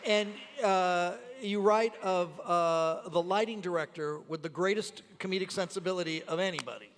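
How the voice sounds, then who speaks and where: Male interviewer onstage, high voice, lots of uhs, echoey hall with faint crowd. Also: normal speed, fairly bright tone. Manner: hesitant, many uh fillers while leading the questions. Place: theater stage before a live audience. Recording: long theater reverb, crowd noise.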